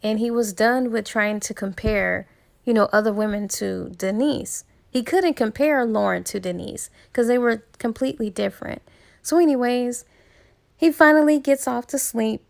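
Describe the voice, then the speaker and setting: A woman's voice: a little high, moderate pace, gravelly. A woman casually retelling a romance novel's plot as a book reviewer, chatty and full of asides.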